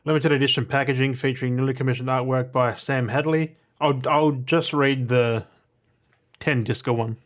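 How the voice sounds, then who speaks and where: A man's voice: mid-range voice, steady tone, moderate pace. A man talking casually to his viewers about his movie and game pickups, rambling and swearing freely. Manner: blunt, swears casually, digresses and restarts often.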